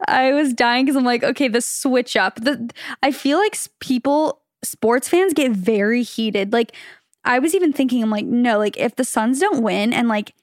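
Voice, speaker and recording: Young female podcast co-host, bubbly and chatty, fairly high voice, dry close mic. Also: animated, no room sound. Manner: bubbly, quick, quotes herself in raised voice. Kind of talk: casual chat.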